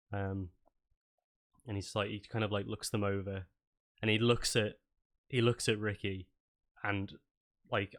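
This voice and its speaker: A man's voice: fairly low pitch, a bit bright. A man narrating as game master, rambling with lots of fillers and restarts.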